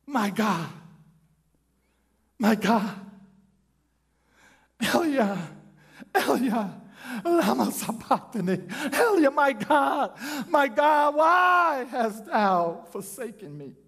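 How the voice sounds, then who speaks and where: A man preaching and voicing a dying man on a cross, hushed, breathless and fading. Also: extremely high pitch, very animated, very slow, vocal fry, long pauses, exaggerated voice. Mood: anguished.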